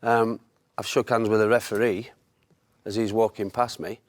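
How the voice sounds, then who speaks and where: A man's voice: on the low side, flat delivery, normal speed, dry recording. A man, a former goalkeeper, telling football stories with frequent laughter. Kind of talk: anecdotal storytelling.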